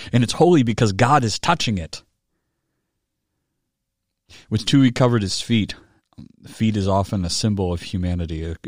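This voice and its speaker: Male pastor, low-pitched, dry close sound, conversational sermon delivery with tag questions. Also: no echo. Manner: rises in pitch and volume when reading a quoted book aloud. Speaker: pastor teaching a Bible study.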